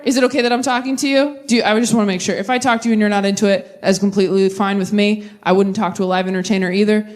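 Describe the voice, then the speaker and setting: A woman in her thirties performing a stand-up set, riffing quickly and mocking herself as she works the crowd. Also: on the high side. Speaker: stand-up comedian. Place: large comedy venue with a live audience. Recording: live stage recording with audience noise.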